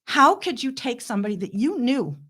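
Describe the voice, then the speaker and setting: A middle-aged woman, a guest, telling her story in an impassioned, blunt way with quick asides. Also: fairly high pitch, very animated, a bit bright. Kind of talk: emotional interview storytelling.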